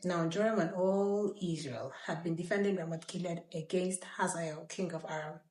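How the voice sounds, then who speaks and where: A woman reads scripture aloud with a slightly low voice. She reads with lively expression and stops for chatty asides. The room around her rings with echo. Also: moderate pace. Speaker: Bible reader. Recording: roomy echo.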